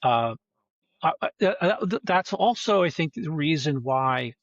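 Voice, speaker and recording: A man talking as a guest in a casual conversation, halting and restarting often, heard on dull lo-fi audio. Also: fairly high pitch, lively intonation. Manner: halting, many restarts and fillers. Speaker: filmmaker guest.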